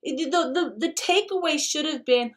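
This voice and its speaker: A woman's voice: sits high, moderate pace. Blunt, fired-up woman host. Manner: emphatic, blunt and profane. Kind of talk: commentary reacting to a video clip.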